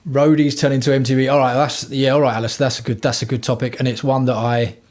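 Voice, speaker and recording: A man's voice: medium pitch, flat delivery, fast talker, darkish tone. A man hosting a casual livestream from home, talking bluntly and rambling with plenty of swearing. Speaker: livestream host.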